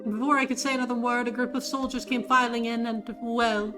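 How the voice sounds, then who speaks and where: A woman's voice: a little high, little pitch movement, quick pace, natural voice. A woman voicing a flamboyant, vain young man who tells his story with grand theatrical flourishes, reading game dialogue over game music. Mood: grandiose.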